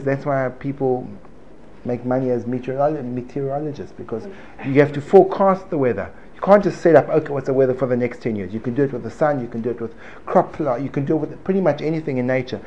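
A mellow, medium-pitched male voice moves fast through an informal Torah class before a live room. He jokes, strays off track, and repeats himself often. The recording is lo-fi and dull, with faint room noise.

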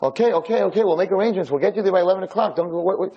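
A man voicing a kind, flustered female nurse who speaks in a hesitant, halting, soothing way, with a husky voice. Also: sits high, lo-fi sound, pitched above the performer's own voice.

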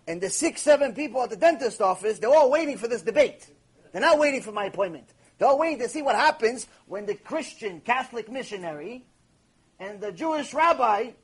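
Husky high-voiced rabbi lecturing. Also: male voice. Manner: emphatic, animated anecdote telling with rhetorical questions. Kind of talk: Torah lecture with storytelling.

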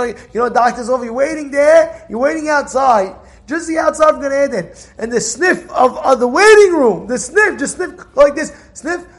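A man giving an informal Torah lesson, telling stories animatedly with repeated phrases and acted-out dialogue. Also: very high voice.

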